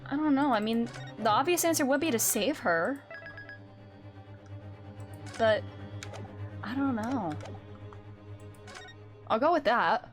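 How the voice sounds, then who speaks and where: A woman's voice: a little high, animated, slow, pauses often, faint music behind. A woman streamer chatting casually and rambling while she plays a courtroom game.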